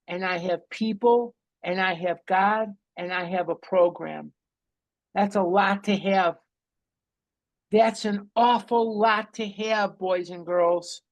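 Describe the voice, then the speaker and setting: Slow, intense older man preaching recovery. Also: high voice. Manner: intense, emphatic, preaching repetition. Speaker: recovery study group leader. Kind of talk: recovery meeting talk.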